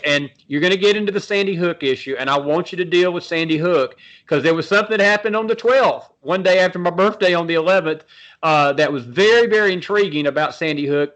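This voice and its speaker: A man's voice: on the high side, a bit bright. A middle-aged man hosting a talk show, speaking in an earnest, folksy, repetitive way. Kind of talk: conversational interview talk.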